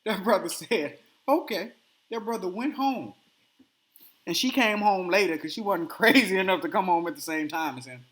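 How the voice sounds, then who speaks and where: A man hosting a podcast, telling a story in casual chat and acting out the quotes with animated energy. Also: high-pitched, normal speed. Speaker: podcast host.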